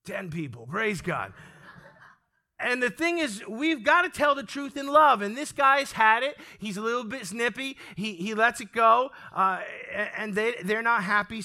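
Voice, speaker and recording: A man preaching a sermon to a congregation, animated, calling for amens and acting out the lines he quotes. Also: high voice, normal speed. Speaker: pastor. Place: church sanctuary with congregation.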